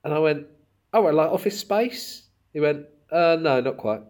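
A man from Southend, a comedian, chatting casually and acting out exchanges in animated anecdotes. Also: a little high, normal speed. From Southend, England. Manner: animated storytelling, acts out dialogue. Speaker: comedian and podcast host. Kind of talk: casual chat.

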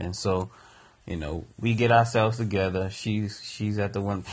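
A man's voice: on the low side, a little slow. A man co-hosting a podcast, earnestly recounting a personal family story. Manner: earnest, reflective. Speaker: podcast co-host and father.

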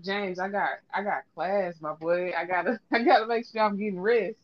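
A man's voice: sits high, steady tone, moderate pace, dull audio. A young man, a student, chatting as a podcast guest in a playful, laughing way. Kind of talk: casual podcast banter.

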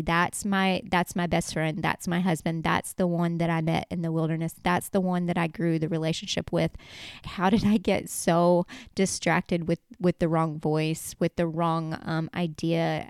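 A woman's voice: on the low side, darkish tone, clear, resonant tone, no echo, clean studio sound. A woman talking casually and earnestly about her faith, rambling and correcting herself as she goes. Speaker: Christian speaker.

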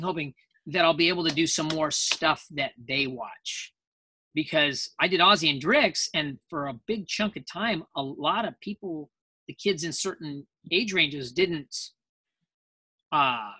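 An animated man chatting as a convention panel guest, his bright, forward voice recorded dry and close. He tells stories with energy and slips in quick impressions. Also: on the high side, breathy edge, no room sound. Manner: animated storyteller, acting out voices in anecdotes. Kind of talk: casual panel interview.

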